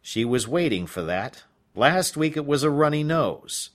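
A man narrating a novel as an audiobook in an expressive storytelling manner. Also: fairly high pitch, unhurried.

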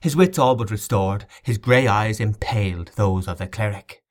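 A man narrating an audiobook novel in a measured, dramatic reading. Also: lowish voice.

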